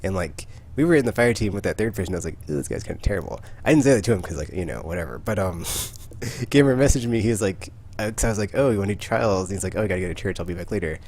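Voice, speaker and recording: A man's voice: deep voice, lively intonation, racing, hardly any pauses, a little mellow. A man hosting a podcast, telling rambling stories in casual chat with lots of fillers. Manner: rambling, filler-heavy storytelling. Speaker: podcast host.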